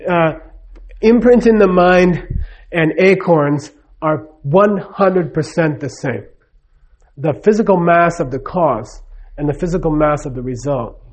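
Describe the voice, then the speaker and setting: A man giving a live teaching talk. He speaks conversationally, checks in with the audience often, and acts out the dialogue in his stories. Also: fairly high pitch. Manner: tells stories with acted-out dialogue. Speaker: spiritual teacher.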